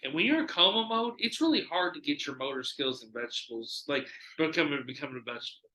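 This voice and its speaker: A man hosting a podcast, telling stories in casual chat, animated and full of swearing. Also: a little high, fast, echoey room, poor audio. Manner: animated, profane storytelling. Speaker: podcast host.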